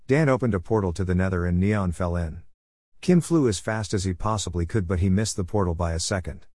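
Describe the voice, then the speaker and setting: A man narrating a children's animal story aloud in a steady storytelling manner. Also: deep voice, a little fast, dry recording, clean studio sound.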